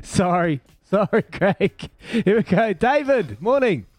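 A man's voice: sits high, big pitch swings, slow, no echo, faint music behind. A man with a New Zealand accent hosting a radio call-in quiz, upbeat and bantering as he counts down the answers. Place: radio studio.

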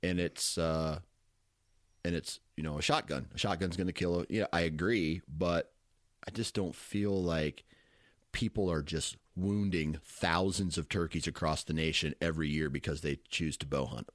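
A man's voice: deep voice, steady tone, moderate pace, dry recording, studio quality. A man hosting a casual chat, telling stories in a rambling way with frequent laughs. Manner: laughs often, storytelling with restarts. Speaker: podcast host.

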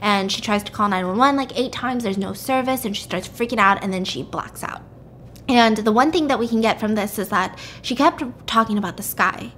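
A woman's voice: medium pitch, a little fast, fairly bright tone, slight background noise. A woman podcast host retelling a story in casual chat, peppering it with "like" and "freaking". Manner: chatty, lots of "like" and "freaking".

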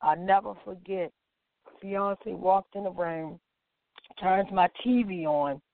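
Speaking slowly at a medium pitch, a woman shares a personal story in a relaxed way, bringing it to life by performing everyone's lines with plenty of "like" thrown in. The sound is dry and thin, much like a phone call.

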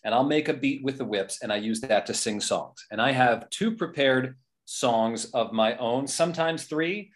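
A man who performs with whips, chatting as a podcast guest in an animated, casual and sometimes profane way. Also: medium pitch, normal speed. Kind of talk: casual interview chat.

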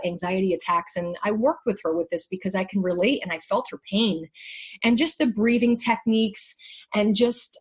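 A middle-aged woman candidly sharing her personal story in an emotional conversation, halting and restarting often. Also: medium pitch, slightly rough.

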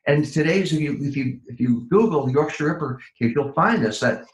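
A man's voice: a little high, animated, fairly quick, roomy sound, low-quality recording. An older man, a guest on a podcast, telling rambling stories from his career with many restarts and fillers. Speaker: guest, former criminal profiler. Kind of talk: podcast interview storytelling.

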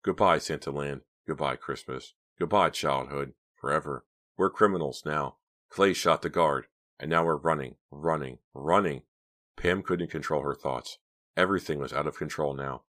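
A man narrating a suspense novel as an audiobook, reading in measured, suspenseful short phrases. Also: very deep voice, fairly bright tone.

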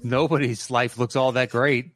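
A man's voice: medium pitch, level tone, normal speed. A man co-hosting a podcast, teasing and dry in casual chat. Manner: dry, teasing, reads listener mail aloud. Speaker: podcast co-host.

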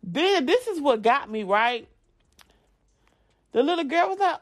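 A woman telling a story casually, animated and profane, dropping into dramatic whispers. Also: very high voice, moderate pace, pauses often.

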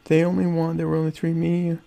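A man's voice: fairly high pitch, completely flat delivery, a little fast, vocal fry, warm tone. A man hosting his own livestream show, chatting casually and sarcastically with his viewers in rambling, self-mocking asides.

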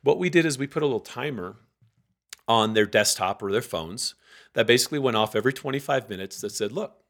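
A man, a guest author, talking casually in an interview and acting out quoted voices with lively energy. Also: mid-range voice, a little fast, gravelly. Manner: animated, acts out quoted voices.

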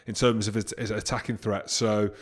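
A man's voice: lowish voice, little pitch movement, normal speed. A man from England co-hosting a casual podcast, bantering in a jokey, self-mocking way. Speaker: podcast co-host.

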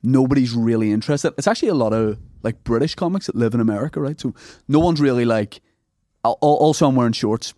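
A man's voice: mid-range voice, animated, quick pace, warm tone, no room sound, clean studio sound. An Irish man, a comedian hosting a podcast, telling a self-deprecating anecdote in casual chat. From Ireland.

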